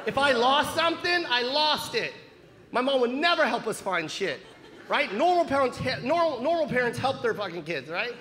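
A man doing stand-up comedy on a theatre stage with a handheld mic, telling animated, profane stories. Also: extremely high pitch, moderate pace. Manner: animated storytelling, swearing freely. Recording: big hall with loud crowd and noise.

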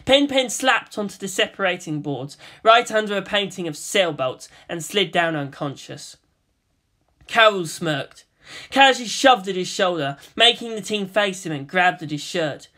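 A reader narrating a fan-fiction story aloud with expressive storytelling. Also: medium pitch, a little slow.

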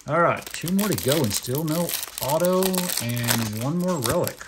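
A man's voice: a little high, expressive, a little slow, background noise. A man with a mixed Oklahoma and Indiana accent, casually reading card names aloud one by one while opening packs and adding short remarks. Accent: Oklahoma and Indiana mix. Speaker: card collecting channel host. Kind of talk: casual pack-opening commentary.

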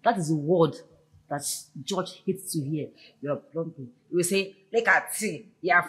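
A woman playing a anxious, protesting wife, Nigerian accent, lower-pitched voice. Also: a little slow, a bit bright, rough recording. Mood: fretful. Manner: fretful, protesting. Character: anxious wife confiding in her friend.

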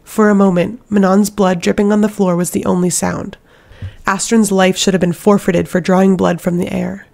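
Woman audiobook narrator, gravelly tone, measured dramatic read. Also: medium pitch, darkish tone.

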